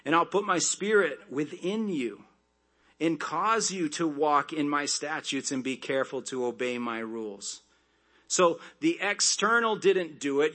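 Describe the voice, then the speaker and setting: A man preaching in an easy, conversational way, reading scripture and stopping to explain it in plain talk. His voice sits a bit higher than most men's, and he slips in light jokes between verses. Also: a bit bright. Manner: conversational, with quick jokes and asides. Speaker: pastor. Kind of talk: expository sermon with scripture reading.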